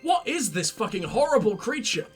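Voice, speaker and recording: High, animated, sarcastic gaming host. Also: male voice, moderate pace, soft background music. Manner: sarcastic, sweary, excitable. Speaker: let's play host. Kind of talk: gameplay commentary.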